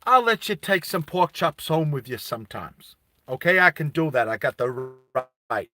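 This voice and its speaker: A man's voice: on the high side, sing-song, moderate pace, bright, forceful tone, no room sound, studio quality. An Australian man voicing a big, older male robot foreman who smokes cigars, a tough but kindly boss with blunt, streetwise talk. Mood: reassuring.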